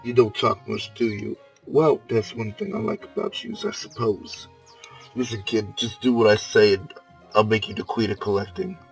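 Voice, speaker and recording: A man voicing a cynical, greedy male talking magic bag in a put-on New York or Boston accent, with gruff tough-guy talk. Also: fairly low pitch, normal speed, soft background music, low-quality recording. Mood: sardonic.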